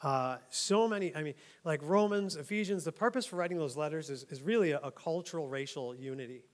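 A pastor from New York preaching a conversational sermon, often laughing and checking in with "right?". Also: male voice, a little high, fairly quick. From New York, USA. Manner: chatty, laughs often, keeps asking "right?".

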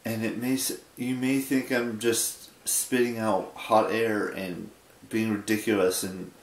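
Male vlogger, 20s, sleepy, halting and rambling, slightly low voice. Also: echoey room. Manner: rambling, halting, with many restarts. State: sleepy, yawning. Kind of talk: casual late-night vlog monologue.

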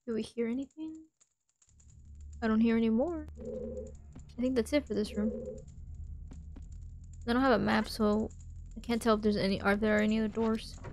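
A woman playing a video game and commenting on it, speaking softly and half whispering in quiet parts. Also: fairly high pitch, a little hiss or hum. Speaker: gamer.

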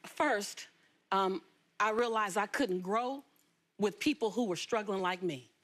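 A woman from Los Angeles, a talk show guest telling her life story in an animated, emphatic way. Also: mid-range voice, measured pace. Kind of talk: storytelling interview.

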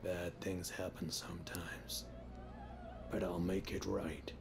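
An actor playing a grieving, odd man, speaking in a calm, flat way. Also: sits low, slow, vocal fry, over music, heavily acted. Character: grieving middle-aged man, quiet and odd. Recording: game audio over noisy ambience.

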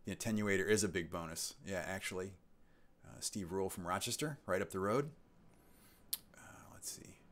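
Taking long pauses at a moderate pace, a low-voiced man in his sixties hosts his channel's live stream. He reads out comments from viewers and chats casually with meandering asides.

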